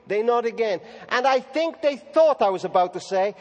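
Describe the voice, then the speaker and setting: A man preaching a sermon, telling stories dramatically and slowing down for emphasis. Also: very high-pitched, animated. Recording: reverberant hall recording.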